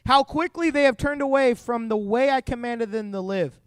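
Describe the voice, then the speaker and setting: A man's voice: very high voice, moderate pace, clean tone, no echo, voice pushed up. A man voicing an angry, commanding God as he retells a scripture story in a sermon. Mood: stern.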